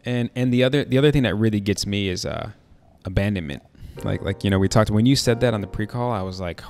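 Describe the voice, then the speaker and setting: Brief: low, gravelly male host, open and emotional, faint music underneath. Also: fast talker, a little mellow. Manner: open, emotional storytelling with many fillers. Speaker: podcast host. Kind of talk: casual heartfelt conversation.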